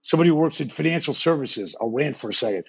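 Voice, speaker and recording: A man hosting a podcast, talking in a fast, slangy way and swearing freely. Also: fairly high pitch, expressive, creaky, husky, muffled recording. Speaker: podcast host. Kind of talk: casual interview chat.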